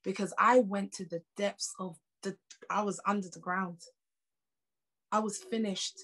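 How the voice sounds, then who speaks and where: A woman's voice: mid-range voice, steady tone, measured pace, a bit bright. A woman with a British accent preaching a sermon, emphatic and conversational, repeating her points with rising intensity. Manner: conversational asides and laughs.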